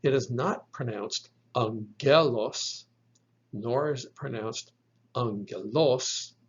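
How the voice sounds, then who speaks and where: A man teaching a slide-based lesson on Bible Greek, explaining slowly and patiently with a few fillers. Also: mid-range voice, breathy edge, dull audio.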